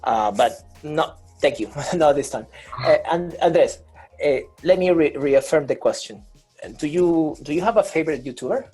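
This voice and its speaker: A man's voice: on the high side, expressive, normal speed, darkish tone, slightly rough, faint music behind, poor audio. A man teaching an online English grammar class over a video call, patient, repeating and rephrasing with many fillers.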